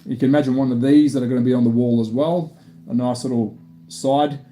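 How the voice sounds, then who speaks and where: A man's voice: mid-range voice, steady tone, a little fast, dark tone. A man from Australia with an Australian accent, chatting casually on a live stream while building a model kit, rambling and restarting often.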